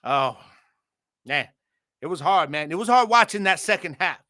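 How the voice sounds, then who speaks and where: Man, sports podcast host, casual and lively, bright forceful voice, dry close studio mic. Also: sits high, moderate pace, no room sound. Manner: energetic, chatty, laughs often, talks straight to viewers. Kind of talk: casual live-stream sports talk. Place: home studio. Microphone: studio microphone.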